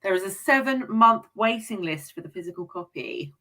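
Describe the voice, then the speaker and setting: A woman's voice: medium pitch, lively intonation, normal speed, bright, forceful tone, poor audio. A woman in her forties hosting a casual book chat, reading out comments and laughing often. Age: 40s. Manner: chatty, laughs often, reads comments aloud. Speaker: podcast host.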